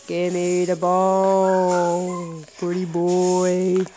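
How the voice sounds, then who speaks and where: A woman's voice: on the low side, monotone, extremely slow, noisy background. A woman filming her dog in its kennel and talking to it in sing-song, coaxing baby talk, with plenty of repetition. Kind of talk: casual video talking to a pet.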